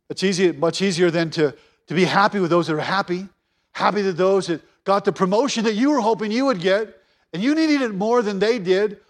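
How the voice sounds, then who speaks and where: A male pastor delivers a sermon in a notably high voice. He is earnest, circling back to repeat key phrases for emphasis.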